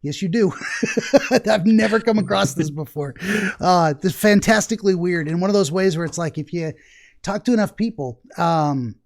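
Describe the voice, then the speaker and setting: A man's voice: high-pitched, moderate pace, vocal fry. Chatty, laugh-prone male podcast host. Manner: rambling, chatty, laughs often. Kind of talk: casual interview chat.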